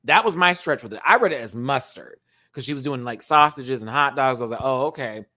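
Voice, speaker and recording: A man in his thirties, a drag queen, giving a sassy, animated casual review and laughing often while answering viewers. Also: medium pitch, brisk. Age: 30s. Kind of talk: casual chatty episode review.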